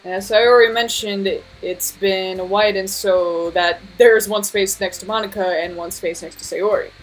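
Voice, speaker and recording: A woman's voice: medium pitch, fairly even intonation, moderate pace, faint music behind, low-quality recording. Swearing woman streamer reading a game. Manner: casual, swears freely, self-mocking asides. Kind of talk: reading a visual novel aloud on stream.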